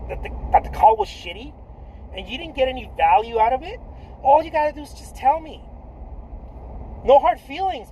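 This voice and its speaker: A man coaching artists in a casual, blunt and profane pitch, repeating himself often with lots of restarts. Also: mellow, slight background noise, low-quality recording. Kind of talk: casual direct-to-camera pitch.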